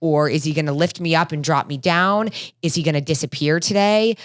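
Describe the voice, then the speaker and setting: A woman with a low voice chats on a podcast. She tells stories with animation and acts out what she was thinking. The recording is dry and close. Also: brisk, clean tone, no echo. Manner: animated storytelling, acting out her own thoughts. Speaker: podcast co-host. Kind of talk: casual podcast chat.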